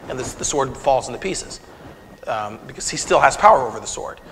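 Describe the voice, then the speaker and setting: Animated male lecturer in a hall. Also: medium pitch, a little fast, a little hiss or hum. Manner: animated, retells scenes with quoted dialogue. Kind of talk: conversational lecture to an audience. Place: lecture room with audience. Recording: long reverb of a lecture hall.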